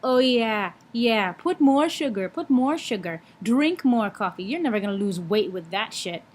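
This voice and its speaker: A woman's voice: on the high side, expressive, normal speed. A woman mimicking a scornful, judgmental uncle in a mocking, dismissive tone.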